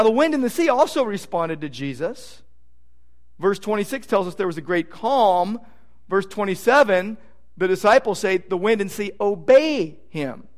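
This man's voice sits high as he preaches from the pulpit with real emphasis. He keeps repeating phrases, moving from booming statements down to quiet, whispered asides.

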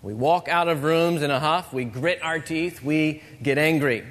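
A man's voice: on the high side, a bit bright, in a large hall. Earnest preaching man, lilt, in a long-ringing church. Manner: earnest, measured preaching with pauses. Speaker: pastor. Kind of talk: sermon. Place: church sanctuary.

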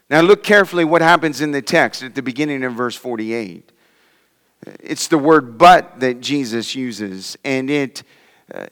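A man preaching verse by verse through a passage, his smooth, resonant voice pitched a little high. He swings between loud emphasis and hushed drops, and the sound rings with a long reverb from a large hall. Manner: expository preaching, reading and explaining scripture verse by verse; dramatic swings in pitch and loudness, voices scoffers mockingly. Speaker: pastor. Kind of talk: sermon.

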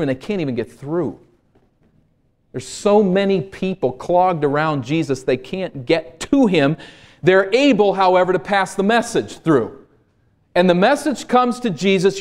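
Here a male pastor preaches with earnest conviction, his delivery swelling into emphatic highs and then falling to quiet, hushed moments.

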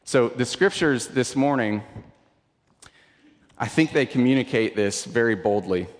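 A man in his thirties preaching a sermon as pastor, conversational, repeating words, moving between intense emphasis and hushed asides. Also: medium pitch, measured pace, long reverb tail.

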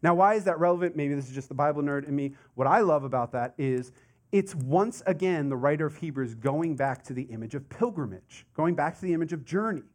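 A man preaching a sermon in a conversational, animated way, full of asides and rhetorical questions. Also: fairly high pitch, brisk. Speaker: pastor.

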